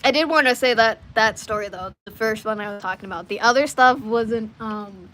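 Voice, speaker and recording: A woman's voice: a little high, fairly quick, hardly any pauses, fairly bright tone, a little hiss or hum. A woman chatting casually to her live audience, rambling through stories with frequent restarts and asides. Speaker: livestreamer.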